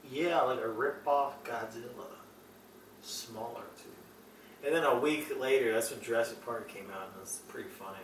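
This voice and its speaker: A man's voice: mid-range voice, moderate pace. A young man in casual chat with a friend, rambling as he retells a movie, laughing often and acting out scenes. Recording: echoey room, mic from a distance, faint noise.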